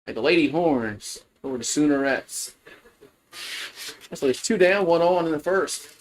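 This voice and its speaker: A man's voice: on the high side, expressive, a little slow. A man giving casual, rambling play-by-play of a college baseball game on a livestream, full of fillers and restarts. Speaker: fan play-by-play host.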